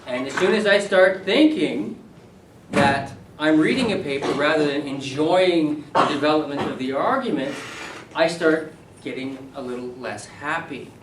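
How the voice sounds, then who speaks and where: A middle-aged man, a university English professor, leading a classroom seminar, animated and quizzing his students. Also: a little high, a little slow, background noise. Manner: animated, asks the class questions and repeats their answers. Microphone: camera at a distance. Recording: echoey room, voice from far off.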